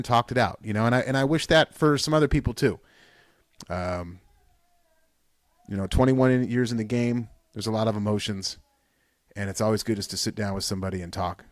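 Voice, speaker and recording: A man hosting a podcast, giving a fired-up motivational talk, piling up repeated calls in loud bursts. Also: fairly low pitch, no room sound, studio quality. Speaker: podcast host. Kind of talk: solo podcast pep talk.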